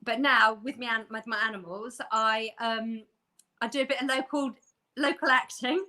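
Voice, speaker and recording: A high, bright woman talking as a guest on a video call, coming across crisp and forward. She is lively and chatty, quick to laugh between her stories. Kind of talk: casual chat on a video call.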